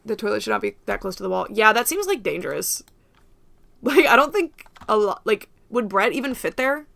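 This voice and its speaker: A woman's voice: medium pitch, animated, fairly quick, vocal fry, fairly bright tone, dry recording. A young woman from the United States hosting a casual livestream, rambling and laughing often as she talks to viewers. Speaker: livestream host.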